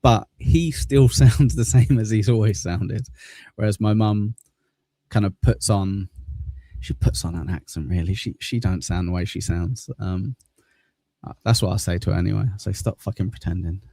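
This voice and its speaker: Gravelly southern English man, laid-back. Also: on the low side, moderate pace, warm tone, no echo, clean studio sound. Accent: southern English, near Cockney. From southern England. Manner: rambling, laid-back, swears casually. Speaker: livestream host. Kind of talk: casual chat reading viewer comments.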